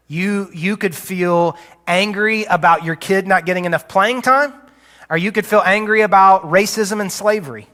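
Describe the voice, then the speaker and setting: A male pastor preaching a sermon, conversational and teaching, with quick asides, recorded live in a church auditorium on a stage mic. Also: high voice, pushed and bright. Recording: live church hall reverb.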